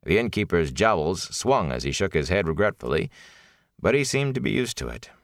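A man with a very deep, gravelly voice reads a fantasy audiobook, keeping a measured pace while his pitch stays lively. The sound is close and dry, free of room sound and echo.

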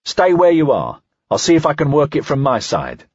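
A man voicing a practical young male deputy who speaks in a calm, gently reminding way in an audiobook. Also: on the high side, moderate pace, slightly rough, dry recording, muffled recording, pitched above the performer's own voice, heavily acted. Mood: steady.

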